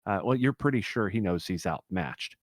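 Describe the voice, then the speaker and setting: A man's voice: on the low side, expressive, moderate pace, no echo, clean studio sound. A man narrating a tabletop game as game master, hesitant with many fillers. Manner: hesitant, lots of uh and um.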